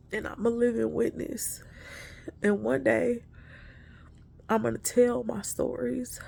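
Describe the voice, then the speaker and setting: A woman's voice: medium pitch, vocal fry, darkish tone, slightly rough. A woman giving an emotional, earnest spiritual encouragement talk to her listeners. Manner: earnest, preachy, addresses listeners as y'all. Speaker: inspirational speaker.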